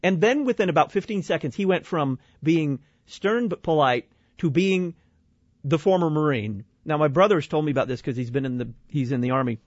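Guy from illinois telling a crazy story all worked up, kinda high voice, dull dry studio sound. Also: brisk, dry recording. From Illinois, USA. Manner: lively, exasperated, acts out quoted voices. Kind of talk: animated personal anecdote.

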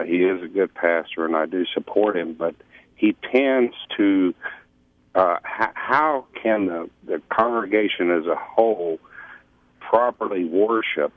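A male caller to a radio show asks his question hesitantly, full of fillers. His voice is very deep. It comes through a tinny phone line. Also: no echo.

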